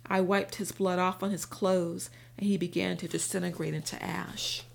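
A woman narrates a first-person audiobook in a steady, even way. Her voice sits low with a noticeable creaky, gravelly grain. She tells the story at an unhurried storytelling pace.

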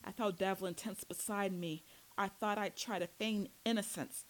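Lady reading a first-person audiobook, steady storytelling, kinda low voice. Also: normal speed, rough recording. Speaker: audiobook narrator.

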